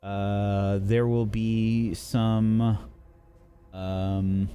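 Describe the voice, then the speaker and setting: A man narrating and running a tabletop game as game master, unhurried and full of fillers. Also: fairly low pitch, flat delivery, warm tone, a little hiss or hum.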